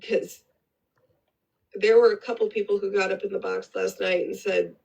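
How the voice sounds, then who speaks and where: A woman holds forth on a live stream with blunt, rambling opinions and frequent swearing. Her voice has a gravelly, husky grain. She often circles back to repeat her own points. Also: mid-range voice, steady tone, normal speed, darkish tone, rough recording. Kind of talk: casual opinionated commentary.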